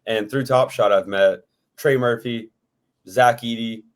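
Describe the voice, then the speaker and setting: A man's voice: medium pitch, fairly even intonation, a little slow. A man talking casually as a podcast guest, rambling with many fillers. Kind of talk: casual chat.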